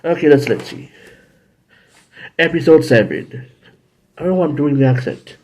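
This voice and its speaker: A man with a husky, mellow voice talks through an episode recap in a loose, casual way. He rambles, stops to correct himself, and swings up and down in pitch. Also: lively intonation, normal speed. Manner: rambling, self-correcting, jumps into high-pitched character voices. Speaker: show host reviewing episodes. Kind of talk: casual review with acted-out scenes.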